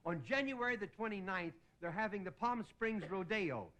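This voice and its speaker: High, bright-voiced comedian host. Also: male voice, moderate pace. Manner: folksy, joking storyteller who chuckles at his own lines. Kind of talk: stand-up monologue. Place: TV studio stage before a live audience.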